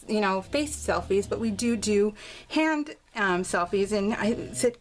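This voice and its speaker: Chatty and laughing, a woman with a slightly high voice tells a casual story over her scrapbooking craft process video, recorded in her home craft room with dogs nearby. Her intonation is lively and her pace measured, and she restarts a lot and acts out quotes.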